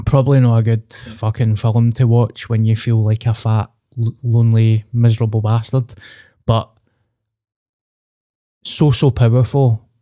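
A man's voice: medium pitch, warm tone, clear, resonant tone, no room sound, studio quality. A man with a Glaswegian Scottish accent, co-hosting a podcast in casual chat, blunt and sweary, open about his own struggles. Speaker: podcast co-host.

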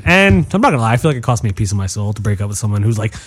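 A man's voice: fairly low pitch, very fast, husky. A man chatting casually on a podcast, telling stories animatedly with crude language and acted-out quotes. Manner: animated, profane storyteller acting out quotes.

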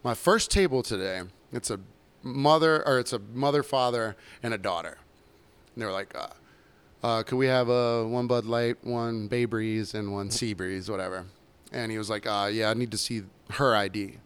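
A man's voice: fairly low pitch, normal speed, fairly bright tone, smooth. A man co-hosting a podcast, a bartender telling rambling, profane stories about work in casual chat.

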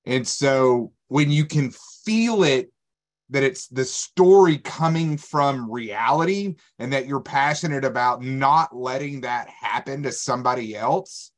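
A man's voice: mid-range voice, measured pace. A man in a group discussion, explaining a point in an earnest way.

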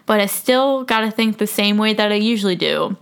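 A woman's voice: mid-range voice, fairly quick, smooth. A woman in her twenties hosting a solo podcast, talking frankly and casually, joking and laughing often. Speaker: podcast host.

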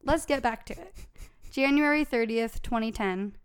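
A young woman chats her way through a true crime story on a podcast, full of fillers and asides. Her voice sits a little high and comes through smooth and clear. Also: normal speed. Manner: chatty storytelling with many fillers.

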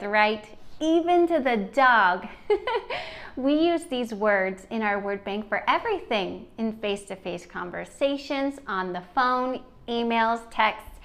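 A woman in her thirties hosting a podcast for mothers, talking straight to the listener in an encouraging way. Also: fairly high pitch. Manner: warm, encouraging, speaks directly to the listener. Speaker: podcast host. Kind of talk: faith-based motivational podcast talk.

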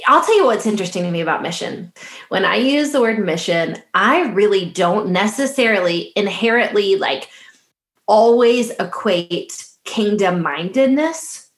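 A woman from the American South co-hosting a podcast, talking in a casual, animated way and laughing often. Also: medium pitch, reverberant. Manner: animated, laughs often, quick back-and-forth. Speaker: podcast co-host. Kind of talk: casual chat.

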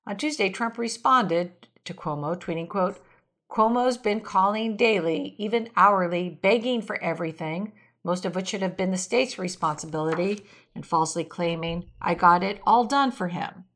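A woman's voice: medium pitch, moderate pace, fairly bright tone. A woman hosting a weekly news show, reading quotes aloud and adding brief asides. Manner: reads quotes aloud, adds occasional asides with fillers. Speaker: podcast host reading weekly political news. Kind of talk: read-aloud news commentary.

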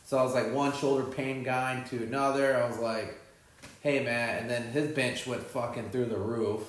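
Male co-host, loose and profane storyteller, average pitch, very echoey room. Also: flat delivery, moderate pace. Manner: profane, rambling storyteller with many fillers. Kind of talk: casual chat.

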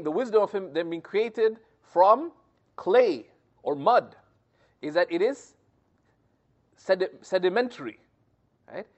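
A man gives a scripture commentary lesson in an explanatory, step-by-step way, often pausing to check in with his listeners. His delivery is animated, with his pitch rising and falling widely. The recording sounds dull and lo-fi. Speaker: religious teacher.

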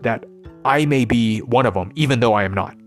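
A man's voice: mid-range voice, a little fast, soft background music. A man giving a rambling, profane, intense unscripted monologue as a vlogger.

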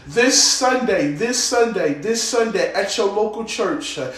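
Male prayer-line preacher: slow, high-pitched, chants in tongues; distant and very echoey on a phone line. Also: expressive, a bit bright. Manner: speaks in tongues, chanting and singing, many "uh" fillers. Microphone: phone line call.

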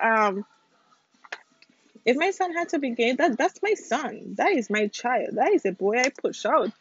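A woman's voice: mid-range voice, no echo. A young woman talking straight to her listeners on a casual home podcast, emphatic and ranting. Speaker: podcast host. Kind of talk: casual opinion podcast monologue. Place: home, with family nearby. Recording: slightly dull lo-fi sound.

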